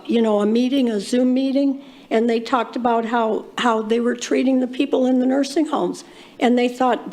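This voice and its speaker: Woman, fairly high voice, impassioned and accusatory, rambling at a council podium. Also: a little mellow. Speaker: public commenter. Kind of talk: public comment at a council meeting.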